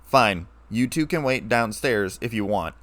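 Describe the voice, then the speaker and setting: A man reading a story aloud, playing a scarred, weary ex-soldier who speaks in a low, flat, calm way. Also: unhurried, no room sound.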